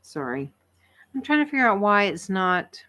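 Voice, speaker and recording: A woman, chatting casually with viewers on a livestream, tired and a bit croaky, laughing often and rambling with fillers. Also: medium pitch, big pitch swings, moderate pace, bright, forceful tone. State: tired, frog in her throat. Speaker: livestream host. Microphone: computer microphone.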